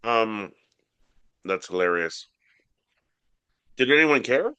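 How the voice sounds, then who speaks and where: Man, bright forceful voice, deadpan absurd storyteller, casual comedy podcast chat, dry close mic. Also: takes it slowly, smooth, dry recording, muffled recording. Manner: deadpan absurd storytelling, voices his mom in high squeaks. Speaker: podcast co-host.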